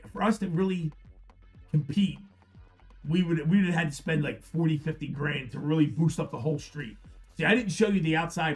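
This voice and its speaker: A middle-aged man with a Philadelphia accent, telling a rambling story on a livestream, swearing freely and often restarting his sentences. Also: on the high side. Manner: rambling, profane, frequent restarts. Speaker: card break host. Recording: faint music behind.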